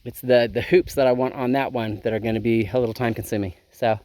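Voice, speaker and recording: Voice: medium pitch, fairly even intonation, quick pace, dark tone, no echo. A gardening vlogger chatting to camera outdoors in a garden and hoop tunnel, thinking aloud with many ums, filmed on a handheld phone. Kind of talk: casual chat to camera while working.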